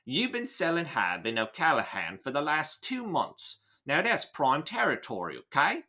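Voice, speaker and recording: A man's voice: on the high side, huge pitch swings, normal speed, pushed and bright, pitched above the performer's own voice, exaggerated voice. An American man reading a male gang boss's lines in a put-on London accent. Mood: menacing. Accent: put-on London, wobbly.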